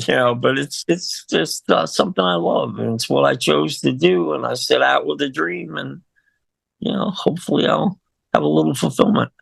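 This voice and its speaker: A man's voice: fairly high pitch, moderate pace, vocal fry, breathy edge, no room sound. An older man, a musician guest in a casual interview, talking in a rambling, emotional way with lots of fillers and laughs.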